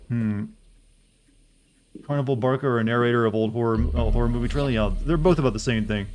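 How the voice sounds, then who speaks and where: A man's voice: medium pitch, fairly quick, a little mellow, a little hiss or hum. A young man giving casual, joking game-stream commentary, rambling to his viewers.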